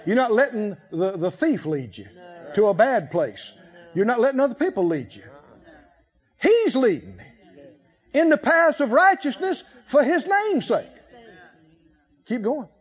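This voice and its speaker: A man's voice: very high-pitched, very animated, a little slow, long pauses, slightly rough. A man preaching a sermon with emphatic calls for the congregation to answer back. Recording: slightly muffled recording.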